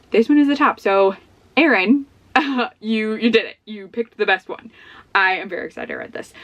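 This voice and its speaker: A young woman talking casually at home in a book vlog, chatty and bubbly. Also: medium pitch. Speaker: book vlogger. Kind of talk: casual chat.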